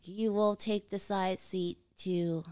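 A young woman with a soft, sweet voice, chatting as an interview guest, bubbly and quick to laugh. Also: mid-range voice, steady tone, clear, resonant tone, dry recording, studio quality. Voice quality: soft, sweet voice that doesn't sound threatening. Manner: giggly, bubbly, frequent laughter. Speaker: interview guest, musician's wife. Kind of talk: casual interview chat.

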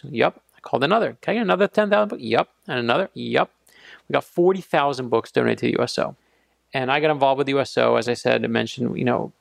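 A man's voice: mid-range voice, creaky, no room sound. A middle-aged man, an author, telling stories in an interview and acting out the dialogue with energy. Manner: animated storyteller acting out dialogue. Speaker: author guest. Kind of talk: storytelling interview answers.

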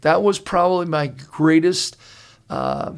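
A man's voice: a little high, slow pace, clear, resonant tone. Earnest older man, podcast host. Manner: earnest and animated storyteller with frequent restarts. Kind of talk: casual podcast conversation.

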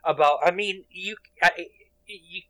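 Slow-talking man, halting podcast co-host. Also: sits high, bright, forceful tone, no echo. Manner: halting, searching for words. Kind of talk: casual podcast chat.

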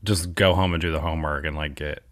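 A hoarse young man hosting a podcast, chatting casually with lots of fillers. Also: rumbling low, steady tone, fast, a bit bright. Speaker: podcast host. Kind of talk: casual chat.

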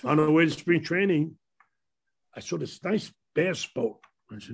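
A man's voice: a little high, expressive, moderate pace, breathy edge. Older Brooklyn man spinning rambling stories. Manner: rambling, laughing at his own stories. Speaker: former ballplayer telling stories. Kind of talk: casual storytelling on a panel.

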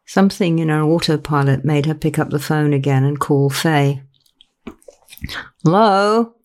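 A woman narrating her own novel in a measured, unhurried reading. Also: low voice, steady tone, darkish tone. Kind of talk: audiobook narration.

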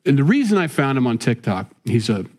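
A man's voice: mid-range voice, very animated, a little fast, a little mellow. A middle-aged man talking casually and earnestly, rambling with many restarts and drifting into preaching about faith. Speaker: father and faith-based talk host.

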